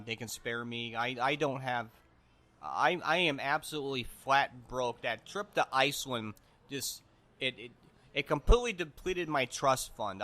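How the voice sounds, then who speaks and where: A man's voice: mid-range voice, pushed and bright. A man playing a rambling, self-important humanitarian guest who stumbles over his words in an improvised comedy podcast bit.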